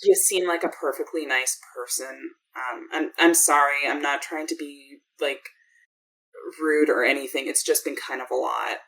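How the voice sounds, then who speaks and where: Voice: medium pitch, moderate pace, a bit bright, rough recording. A game master voicing an exhausted, sarcastic woman who works as a medic in a clown troupe, talking in a dry, weary way that trails off. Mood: apologetic. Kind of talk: tabletop game role-play.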